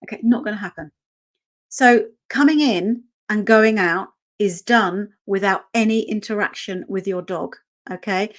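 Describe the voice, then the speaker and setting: A woman's voice: medium pitch, unhurried. Woman, dog trainer, runs a casual online workshop, keeps asking "okay?". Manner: conversational, checks in with "okay?" often.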